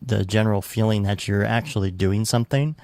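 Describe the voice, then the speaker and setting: A man's voice: lowish voice, fairly even intonation, brisk, a little mellow, dry recording. A man co-hosting a podcast in casual chat, rambling with lots of fillers and restarts. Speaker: podcast co-host.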